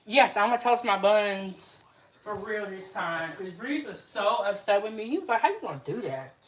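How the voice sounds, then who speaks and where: Her medium-pitched voice moves at a moderate pace beneath heavy background noise. This young woman runs a relaxed cooking show livestream in her home kitchen, chatting away and responding to viewers' comments as she cooks.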